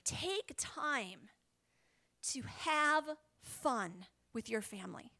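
High-pitched lady preaching, chatty and animated, whispers a lot, laughs a lot. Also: drawn-out words. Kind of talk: sermon.

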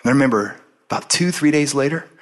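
A man preaching a sermon and telling a personal story, acting out the voices in it with lively storytelling. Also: mid-range voice, quick pace. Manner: animated storytelling, acts out his own and God's lines.

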